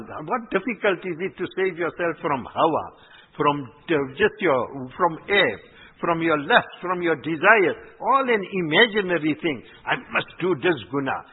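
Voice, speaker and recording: A man preaching a sermon, exhorting his listeners with rhetorical questions and quickly recited Arabic verses. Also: on the high side, husky. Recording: tinny phone-like audio in a reverberant hall.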